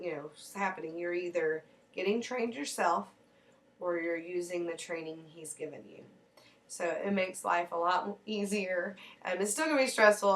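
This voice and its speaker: A woman's voice: fairly low pitch, a bit bright, recorded from a distance, low-quality recording. A woman in her thirties sharing heartfelt faith reflections in a personal vlog, rambling earnestly with restarts.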